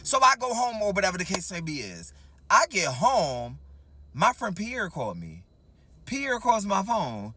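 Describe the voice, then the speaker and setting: A man telling a personal story in a casual storytime monologue, animated, talking straight to the audience and acting out the dialogue. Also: high-pitched, measured pace, slight background noise.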